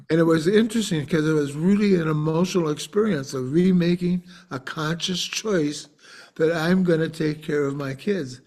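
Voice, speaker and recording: Earnest storytelling man, slightly high voice. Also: moderate pace. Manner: earnest, animated storytelling with frequent restarts. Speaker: podcast guest, author. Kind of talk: personal storytelling in interview.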